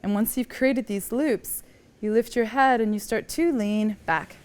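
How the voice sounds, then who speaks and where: A woman leads a yoga class, cueing each pose in a calm, encouraging way. She is slightly out of breath as she moves through the flow herself. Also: on the high side, unhurried, smooth. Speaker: yoga teacher. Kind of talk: guided yoga class instruction.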